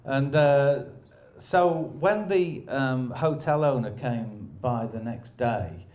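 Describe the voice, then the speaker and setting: A man tells stories in loose, rambling chat, mocking himself and laughing as he goes. His voice sits at an ordinary middle pitch with a dark, mellow tone. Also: animated, takes it slowly, lo-fi sound. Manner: rambling, self-deprecating, laughs often. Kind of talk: casual anecdotal chat.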